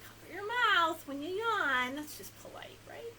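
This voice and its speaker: A woman's voice: very high-pitched, unhurried, a little hiss or hum, poor audio. A woman librarian reading a picture book aloud to young children, asking them questions and laughing often. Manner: animated, coaxing questions to young listeners.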